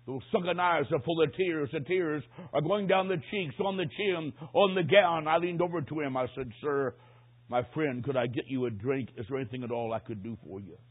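A man preaching a sermon as he tells a story, swinging dramatically from hushed tones to shouts. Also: a little high, brisk, breathy edge. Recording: tinny phone-line sound.

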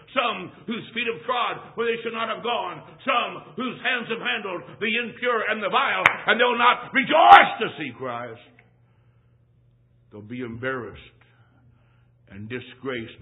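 A man preaching a sermon as a traveling evangelist, telling a funny boyhood story in a folksy, emphatic way with punchy repetition. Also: sits high. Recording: thin phone-like sound.

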